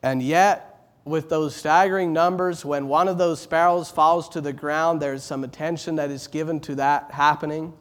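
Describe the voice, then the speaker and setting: A middle-aged man preaching a sermon, earnest, repeating words as he builds, rising loud on exalted phrases and dropping soft on tender ones. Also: a little high, steady tone, normal speed.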